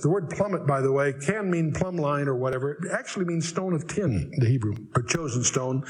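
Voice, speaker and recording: An older man teaching the Bible verse by verse, wry and conversational, slowing down to read scripture aloud. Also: mid-range voice, animated, low-quality recording.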